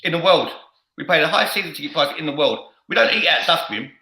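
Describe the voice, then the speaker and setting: A man's voice: a little high, expressive, fast, vocal fry, bright, forceful tone, reverberant, heavily acted, poor audio. A man acting out an indignant male football fan on a rant. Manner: indignant, ranting.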